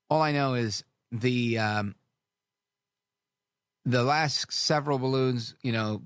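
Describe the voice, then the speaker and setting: A man's voice: medium pitch, creaky, no room sound, studio quality. A man hosting a talk radio show, delivering a sarcastic, rambling monologue full of asides. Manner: sarcastic, animated, drifts into asides.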